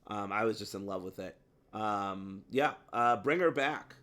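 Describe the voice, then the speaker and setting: A man with a lowish voice chats casually about the horror films he watched. He rambles, fills gaps with ums and throws in playful swearing. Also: a little slow, a bit bright. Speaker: podcast co-host. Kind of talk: casual movie review chat.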